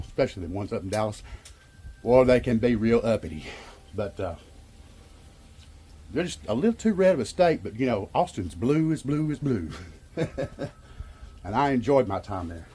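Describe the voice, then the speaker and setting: This middle-aged Arkansas vlogger rambles casually through a DIY job, folksy and amused at himself, in a Southern drawl. He has a mid-range voice with a dark tone and a breathy edge.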